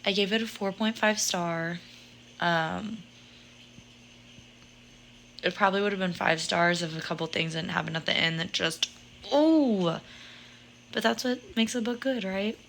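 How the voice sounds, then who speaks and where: A woman talking slowly and excitedly about her reading in a casual vlog, giggling and sometimes dropping to a whisper. A faint hiss sits under her voice. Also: medium pitch, gravelly, rough recording. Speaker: book vlogger.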